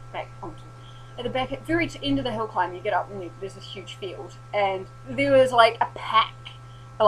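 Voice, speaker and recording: Sweary, animated New woman vlogger. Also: medium pitch, slight background noise, low-quality recording. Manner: animated, sweary, laughing storyteller. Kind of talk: casual storytelling recap.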